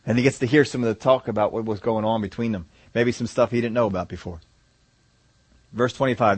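A male pastor giving a sermon, reading scripture aloud and explaining it with animated asides to the congregation. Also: medium pitch, a little fast, slightly rough, no room sound.

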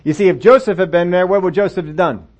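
Speaking fast in a high voice with a darkish tone, a man preaches a sermon and reads from the Bible. His delivery is conversational, and he poses rhetorical questions to his listeners. The recording is dull and lo-fi.

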